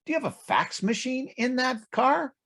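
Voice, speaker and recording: A man's voice: very high voice, expressive, normal speed, creaky, fairly bright tone, pitched above the performer's own voice, full character voice. A man voicing a boastful male Texan driver in a joke, asking teasing questions.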